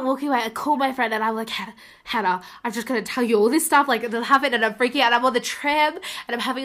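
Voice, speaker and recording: A teenage girl telling a story in casual chat, animated and gushing with lots of "like", her voice slightly raspy from a cough. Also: on the high side, fast. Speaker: podcast co-host.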